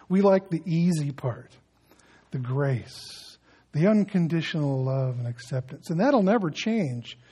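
Preaching in a fairly high, slightly rough voice, a man leads a sermon as pastor. His delivery shifts from loud to soft and hushed, with homespun asides and touches of humor.

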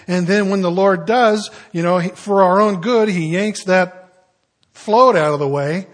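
A middle-aged male pastor with a husky, slightly breathy voice that sits a little high for a man. He preaches in a relaxed, conversational way, mixing stories with quiet, muttered asides. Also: a little slow. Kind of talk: sermon.

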